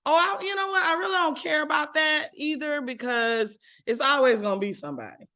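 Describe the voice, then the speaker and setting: A woman from Mississippi, co-hosting a casual chat recapping reality TV, blunt and animated and quick to laugh. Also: high-pitched. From Mississippi, USA. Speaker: podcast co-host.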